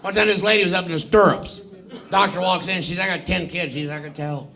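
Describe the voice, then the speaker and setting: A man's voice: high voice, a little fast, gravelly, background noise. A man telling bawdy stand-up jokes on a club stage, a drawling storyteller who builds chanting rhythms, recorded live with an audience laughing. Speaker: stand-up comedian.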